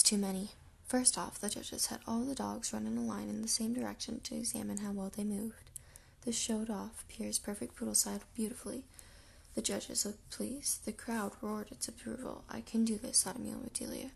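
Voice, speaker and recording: A woman reading a children's chapter book aloud in a soft, half-whispered way, her voice gravelly and rough from the early morning. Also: mid-range voice, level tone, normal speed, slight background noise. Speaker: audiobook reader.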